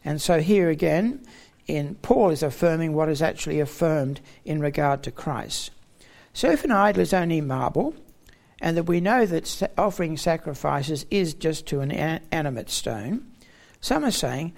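A man's voice: fairly high pitch, lively intonation, normal speed, gravelly, darkish tone. A man preaching a Bible teaching sermon in an expository manner, stressing key words with emphatic rising tones.

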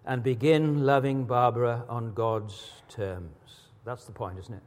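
A man's voice: mid-range voice, fairly even intonation, unhurried, hardly any pauses, a little mellow, long reverb tail. A man preaching a sermon, asking rhetorical questions and building to emphatic peaks.

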